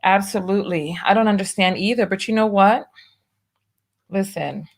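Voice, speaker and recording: A woman's voice: mid-range voice, normal speed. A woman hosting her own show, giving preachy commentary and reading viewer donations aloud, with big swings in emphasis. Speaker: show host.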